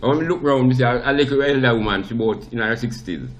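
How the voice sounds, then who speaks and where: A man with a Jamaican accent, a priest telling an animated story in an interview, with frequent restarts and acted-out quotes. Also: medium pitch, fast. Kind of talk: storytelling in conversation.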